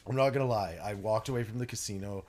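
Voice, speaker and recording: A man's voice: on the low side, quick pace, a little mellow. A man co-hosting a podcast, telling rambling, joking stories and correcting himself as he goes. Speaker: podcast co-host. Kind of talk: casual chat.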